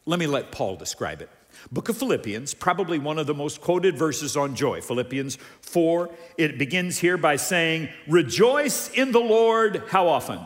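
A man preaching a sermon as a pastor, animated, moving between soft asides and emphatic lines. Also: fairly high pitch, normal speed, long reverb tail.

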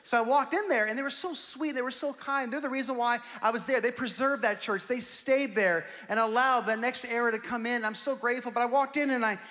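A young man preaching as a pastor, telling a story with self-mocking humor in an animated way. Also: very high-pitched, a little fast, few pauses. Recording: long hall reverb.

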